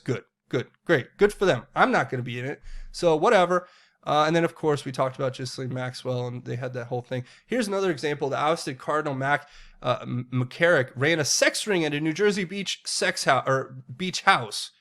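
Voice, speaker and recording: A man's voice: a little high, normal speed, a bit bright. A man hosting his own political commentary channel, talking straight to his viewers in an earnest, direct way. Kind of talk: solo political commentary monologue.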